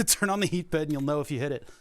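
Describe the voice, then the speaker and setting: A man's voice: a little high, fast, fairly bright tone. A man livestreaming a printer repair, chatting casually and jokingly with sarcastic asides while he works. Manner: joking, sarcastic, chuckles often. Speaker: streamer doing printer repairs. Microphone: headset or desk mic.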